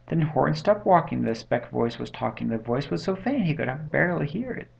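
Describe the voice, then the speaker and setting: A man reads a rhyming picture book aloud at bedtime, keeping a lively, rhythmic beat. His voice has a gravelly edge. It is recorded at home on a webcam, so the sound is dull and lo-fi. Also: on the high side, brisk. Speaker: bedtime story reader. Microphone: webcam mic.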